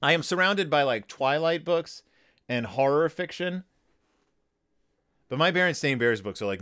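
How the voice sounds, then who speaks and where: A tired man hosting a podcast, chatting casually about a children's picture book in a rambling, wry way, with brief put-on voices for the characters. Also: medium pitch. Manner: rambling, wry, self-interrupting, animated; puts on brief character voices when paraphrasing. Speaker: podcast host. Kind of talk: casual book review chat.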